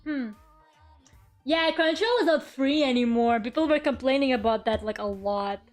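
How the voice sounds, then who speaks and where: A woman's voice: sits high, moderate pace, faint music behind. A woman streamer chatting casually and rambling from her room, now and then swearing and talking to her viewers. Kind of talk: casual live-stream chat. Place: her own room at home.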